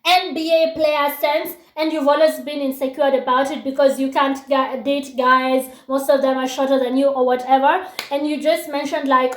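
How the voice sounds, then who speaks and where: A woman's voice: high voice, fairly even intonation, moderate pace, few pauses, reverberant. A woman in her thirties with a youthful, baby-like voice, chatting casually as she gives relationship advice with lots of fillers and asides. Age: 30s. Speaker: relationship talk speaker.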